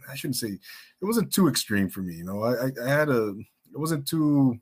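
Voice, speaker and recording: Husky, lively-toned male podcast host. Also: medium pitch, normal speed. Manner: relaxed, friendly, restarts often. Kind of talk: casual interview chat.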